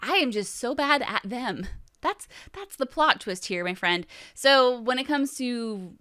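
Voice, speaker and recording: Brief: young woman host, bright voice, loose rambling chat, dry close sound. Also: fairly high pitch, animated, a little slow, clear, resonant tone, no room sound. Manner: chatty, rambling, swears casually. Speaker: vlog host. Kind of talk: casual chat to camera. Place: home room with game shelves.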